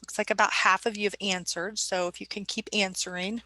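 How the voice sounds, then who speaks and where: A woman's voice: medium pitch, little pitch movement, a little fast, pushed and bright. A woman presenting a staff training webinar in a conversational way, putting questions to her audience.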